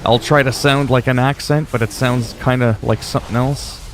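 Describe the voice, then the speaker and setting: A man's voice: medium pitch, fairly even intonation, moderate pace, slight background noise. Male game streamer from Canada with French as his first language. Rambling, easygoing chat aimed at viewers, mid-range voice. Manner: rambling, chatty, talks to viewers. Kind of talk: casual livestream chat while gaming.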